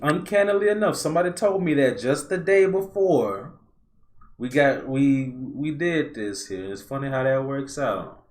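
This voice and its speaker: A man's voice: mid-range voice, a little slow. A man hosting a podcast, chatting casually and ramblingly about astrology over a video call. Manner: relaxed, rambling, loose slangy phrasing. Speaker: podcast host. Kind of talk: casual astrology chat over a live stream.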